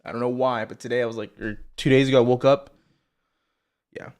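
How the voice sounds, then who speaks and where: A man's voice: mid-range voice, steady tone, fairly quick, darkish tone. A man hosting a live market commentary stream in a loose, unscripted way. He rambles, swears freely, and speaks straight to his viewers in a blunt, chatty tone. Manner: rambling, blunt and profane, addresses viewers directly. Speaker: stock trading livestream host.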